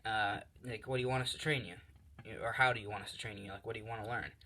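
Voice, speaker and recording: A man's voice: on the low side, fairly even intonation, quick pace, sharp tone. A man voicing a teenage boy hero who is bossy but kind, explaining his plan casually in a storytelling video. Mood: reasoning.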